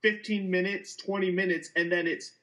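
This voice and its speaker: Casting: higher male voice, blunt and loose co-host, filler-heavy chat. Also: steady tone, moderate pace, a bit bright, rough recording. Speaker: podcast co-host. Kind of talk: casual film discussion.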